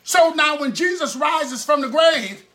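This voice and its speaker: A man delivers a sermon in a high voice, telling the story like a chat with the congregation. His tone is bright and forceful, and he slips into the voices of the people in his story. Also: expressive, measured pace. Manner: conversational storytelling preaching; acts out the people in his stories. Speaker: preacher.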